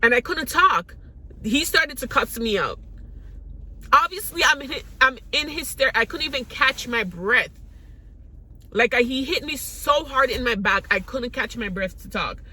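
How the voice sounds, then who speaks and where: A woman's voice: a little high, bright, forceful tone. A woman raised in the Caribbean, telling personal stories to her vlog audience in a candid, rambling way with many restarts. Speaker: vlogger. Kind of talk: personal storytelling to camera.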